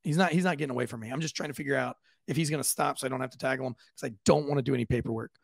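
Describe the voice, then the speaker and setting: On a podcast, a male police officer spins a profane, animated story in rapid-fire fashion, voicing its characters himself. His pitch is medium with vocal fry, and the recording is dry.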